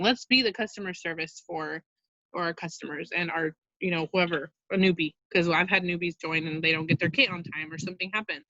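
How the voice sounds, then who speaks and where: Over dull, lo-fi video call audio, a woman leads a casual training talk for her sales team, chatty and upbeat, packed with fillers and "you guys." Her voice is on the low side, steady, pushed and bright, and a little fast, with no room sound.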